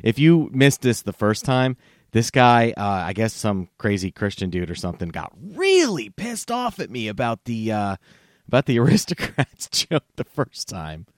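A man hosting a comedy podcast, animated and laughing, with casual swearing. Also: mid-range voice, moderate pace, no echo, studio quality. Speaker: podcast host.

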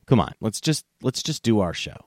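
A man hosting a comedy podcast, animated and laughing, with casual swearing. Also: fairly low pitch, normal speed, no room sound, studio quality. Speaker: podcast host.

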